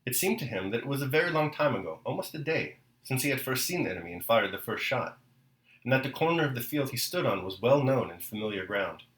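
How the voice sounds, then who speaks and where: A man hosting a daily podcast, reading a novel aloud in a measured way and then reflecting on it. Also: medium pitch, expressive, a bit bright, roomy sound, rough recording.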